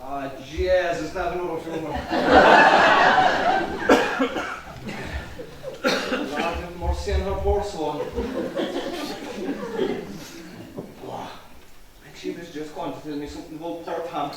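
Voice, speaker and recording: A man's voice: a little high, steady tone, fairly quick, a loud crowd, natural voice. An Irish man on stage playing a brusque local doctor who questions impatiently and muses aloud. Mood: musing. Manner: impatient, exasperated questioning, then musing aloud. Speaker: stage actor. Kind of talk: live amateur stage acting. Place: large hall, on stage. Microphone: distant stage or room mic. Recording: echoey noisy hall from far off.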